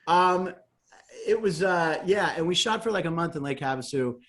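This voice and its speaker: Middle-aged male comic, slightly high-pitched, lively anecdotal delivery. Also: normal speed. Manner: animated storyteller, acts out quotes, laughs often. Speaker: guest, comedian and game show host. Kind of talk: casual interview storytelling.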